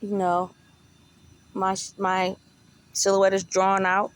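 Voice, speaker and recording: Woman vlogger, unhurried delivery, loose profane storytelling, conversational. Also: medium pitch, completely flat delivery. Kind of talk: casual storytelling.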